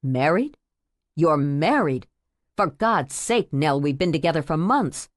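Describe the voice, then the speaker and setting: A woman voicing an earnest, tender man in love who speaks quietly and steadily, in a romance audiobook. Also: a little slow, dry recording, studio quality. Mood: shocked. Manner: quiet, steady, low-voiced. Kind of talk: audiobook character voice.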